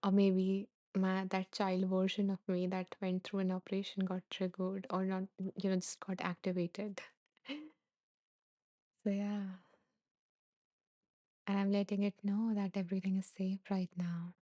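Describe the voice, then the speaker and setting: A woman hosting a podcast, gently reading and answering live listener comments, soft-spoken and laughing softly, emotional and close to tears. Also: mid-range voice, monotone, a little slow, long pauses, no room sound. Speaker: podcast host.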